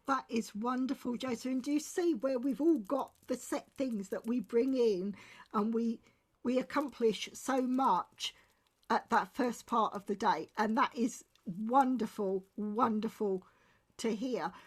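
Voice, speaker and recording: Woman host, encouraging and upbeat, a little high-voiced. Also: a little slow. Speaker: panel host. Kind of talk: casual chat.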